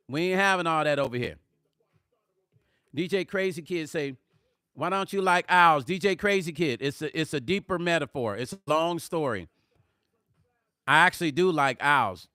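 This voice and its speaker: A middle-aged man hosting a live music vlog, reading viewer comments aloud in casual chat, animated and emphatic and repeating words for emphasis. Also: on the high side, no echo, clean studio sound. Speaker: music vlogger hosting a livestream.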